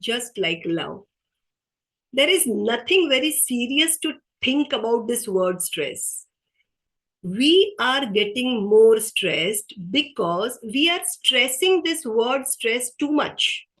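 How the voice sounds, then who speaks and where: Slow, earnest woman speaker. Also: fairly high pitch, expressive, a bit bright, low-quality recording. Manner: slow, earnest, repeats key phrases. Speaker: webinar speaker. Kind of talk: motivational workshop talk.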